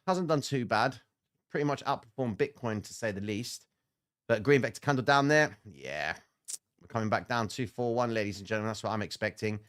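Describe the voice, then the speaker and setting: A man's voice: mid-range voice, fairly bright tone. Guy doing live market commentary, chatty and blunt, answering chat as he goes. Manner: blunt and slangy. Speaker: trading stream host.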